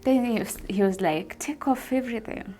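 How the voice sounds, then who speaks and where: A young woman with a Kenyan accent telling a personal testimony in a soft-spoken way, mixing English with Swahili. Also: fairly high pitch, moderate pace. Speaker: vlogger sharing a personal testimony.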